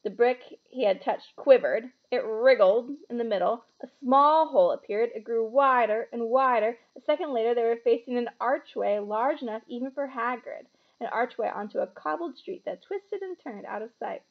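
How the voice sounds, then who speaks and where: A woman reading a children's book aloud with expressive, animated storytelling. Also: on the high side, normal speed, phone-quality sound.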